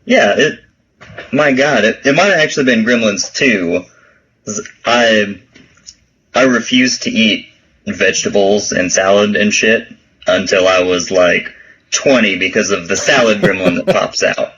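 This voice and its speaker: A man's voice: fairly low pitch, unhurried, a bit bright, dull audio, slight background noise. A man co-hosting a podcast in casual chat, laid-back, laughing often and swearing freely. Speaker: podcast co-host.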